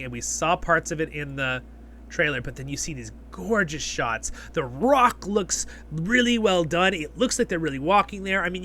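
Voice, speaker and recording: Geeky guy gushing over an episode, bright forceful voice, kinda high. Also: a little hiss or hum. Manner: excitable, geeky, retells scenes with asides. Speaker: host of a review channel. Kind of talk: casual episode review commentary.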